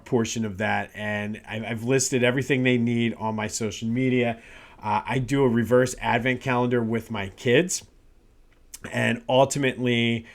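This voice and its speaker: A man in his thirties hosting a casual solo sports podcast, chatty and rambling, with frequent fillers and restarts. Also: fairly low pitch. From Philadelphia area. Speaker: podcast host. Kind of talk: casual solo talk show.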